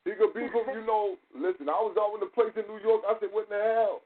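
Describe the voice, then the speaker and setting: A man's voice: high-pitched, little pitch movement, fast. A man hosting a podcast, telling stories in a loose, profane way and acting out other people's lines as he goes. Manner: loose, profane storytelling with quoted dialogue. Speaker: podcast host. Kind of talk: casual podcast talk. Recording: tinny phone-like audio with faint hiss.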